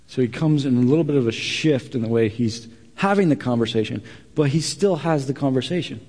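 A man delivers a sermon in a large church hall, his voice trailing into a long reverb. He tells the story with animated, acted-out dialogue, then drops into quieter, earnest asides to the congregation. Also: medium pitch, fairly quick. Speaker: pastor.

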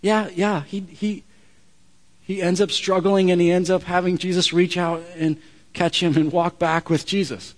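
A man's voice: high voice, flat delivery, moderate pace, big-room sound. A man preaching a sermon as a pastor, conversational and emphatic, often restarting his words.

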